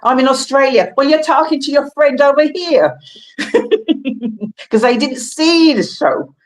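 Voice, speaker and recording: Woman, radio host, animated pitch, rallying and upbeat delivery. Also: a little slow. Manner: lively, rallying listeners. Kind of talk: casual radio chat.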